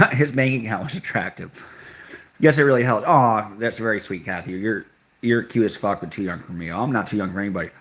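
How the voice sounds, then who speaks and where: Fairly low in pitch and fairly bright in tone, a young man's voice moves at a fairly quick clip as he hosts a casual live stream. He reads viewer comments aloud and shrugs them off with sarcasm.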